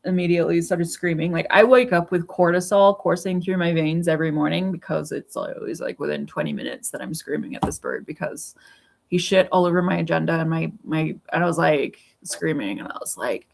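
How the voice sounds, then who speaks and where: A woman's voice: deep voice, a little fast, creaky, a little hiss or hum, poor audio. Rambling blunt woman in her forties. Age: 40s. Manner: rambling, blunt, swears freely. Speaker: vlogger. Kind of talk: casual personal monologue. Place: home with pets.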